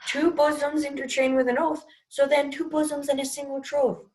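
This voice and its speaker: Fickle young male lover played by a girl, earnest verse, slightly high voice. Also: little pitch movement, normal speed, lightly acted. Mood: tender. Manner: earnest verse delivery, often soft. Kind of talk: amateur student Shakespeare performance. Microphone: video call.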